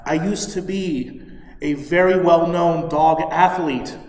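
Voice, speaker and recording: An old, decrepit talking greyhound, put on by a man pleads in a hushed, slightly raised voice. The voice is set in a storytelling joke. It sounds far from the mic, ringing in a large echoey hall. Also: fairly high pitch, takes it slowly. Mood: pleading. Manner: hushed, beckoning then pleading.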